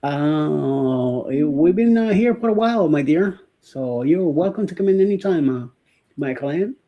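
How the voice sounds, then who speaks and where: A man's voice: a little high, expressive, a little slow, lo-fi sound. A man co-hosting a casual morning live show, joking and rambling with lots of fillers and laughter. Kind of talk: casual live-stream chat.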